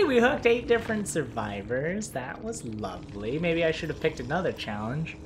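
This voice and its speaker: A young man giving excitable, trash-talking gameplay commentary, swearing freely as he plays. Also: fairly high pitch, moderate pace, few pauses, noisy background. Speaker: gaming video creator.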